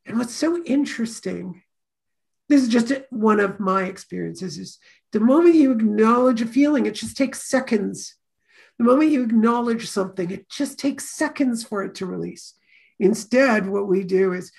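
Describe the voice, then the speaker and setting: Woman, course teacher, gravelly voice, storytelling delivery. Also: mid-range voice, measured pace, a little mellow. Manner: storytelling, acts out quoted voices. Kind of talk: teaching a class talk.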